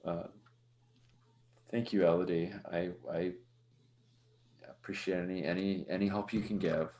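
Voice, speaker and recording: A man's voice: low-pitched, steady tone, unhurried, mellow, reverberant. A man playing a tabletop role-playing game, describing his character in a rambling, hesitant way full of fillers. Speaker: player.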